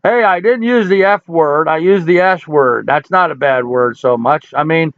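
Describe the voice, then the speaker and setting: Man in his sixties, folksy, joking livestream host, a little high-pitched, dry close sound, slightly dull lo-fi audio. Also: moderate pace, dry recording. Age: 60s. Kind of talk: casual live chat reading viewer comments.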